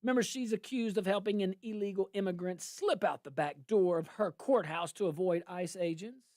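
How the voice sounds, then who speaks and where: A man's voice: sits high, fairly quick, darkish tone, no echo, clean studio sound. A man hosting a political talk show, emphatic and incredulous, bantering and laughing with his co-host.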